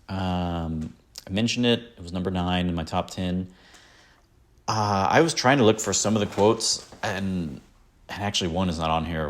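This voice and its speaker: A man's voice: low-pitched, normal speed. A man hosting a podcast, chatting casually in a rambling way, with many fillers and self-corrections. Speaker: podcast host. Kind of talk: casual chat.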